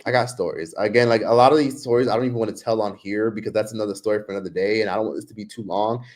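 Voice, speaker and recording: A man's voice: racing, a little mellow. A man chatting casually on a livestream into his laptop microphone, saying "like" often. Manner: chatty, frequent "like", mimics others in high voices. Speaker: livestream vlogger.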